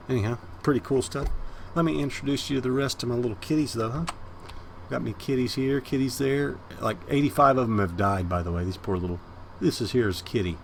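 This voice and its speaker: Gravelly man chatting over his gameplay. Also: medium pitch, a little fast, a little hiss or hum. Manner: chatty and rambling, talks to viewers as guys; baby talk and meowing at the cats. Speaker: Minecraft let's-play host. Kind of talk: casual gameplay commentary.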